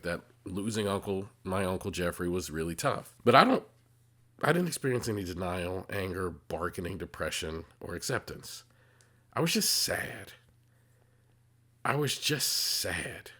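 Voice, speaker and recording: A man's voice: low voice, a bit bright. A man hosting his own podcast, telling a personal story in an earnest, conversational way, often repeating words and restarting his sentences. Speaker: podcast host, psychotherapist.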